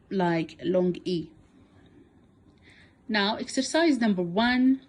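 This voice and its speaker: A woman with Arabic as her first language teaches English to small children. Her pace is unhurried, with long pauses between words, and her pitch sits in the middle of the range. She repeats each word so beginners can follow along.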